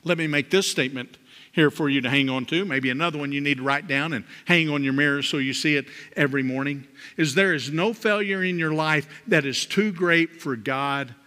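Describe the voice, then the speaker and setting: A man preaching a sermon, swinging from loud, rising emphasis to soft, low drops. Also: a little fast. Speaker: pastor. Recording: long hall reverb.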